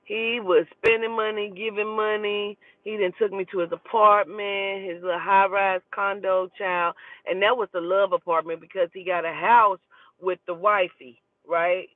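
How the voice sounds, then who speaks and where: A woman who works as a spiritual advisor, telling a personal story in a lively, profane, gossipy way and acting out the dialogue. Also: medium pitch, moderate pace, no echo. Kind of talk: casual storytelling. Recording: tinny phone-like dry sound.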